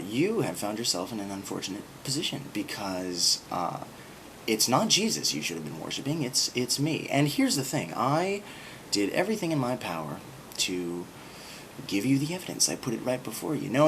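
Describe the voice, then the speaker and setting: A man's voice: on the low side, slight background noise, rough recording. A man voicing a disappointed male deity passing judgment, in a mock-sorrowful, plain way.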